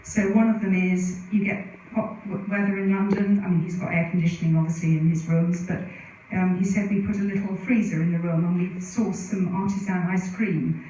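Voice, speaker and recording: A woman's voice: fairly low pitch, steady tone, moderate pace, dark tone, highs cut off, a little hiss or hum. A middle-aged woman giving a conference presentation, telling anecdotes in a chatty way with many asides. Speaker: conference speaker. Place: conference venue. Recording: very echoey hall from a distance.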